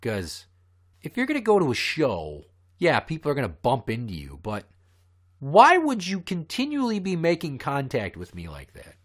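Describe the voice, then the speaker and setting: A male podcast host tells stories in a heated, profane rant. His medium-pitched voice swings wildly in pitch, though he speaks at a normal speed.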